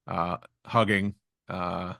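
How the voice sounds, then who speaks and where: A man co-hosting a podcast, recapping a comic chapter in halting casual chat full of fillers. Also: deep voice, little pitch movement, gravelly, bright, forceful tone, no room sound, studio quality. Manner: halting, with many fillers and restarts. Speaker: podcast co-host.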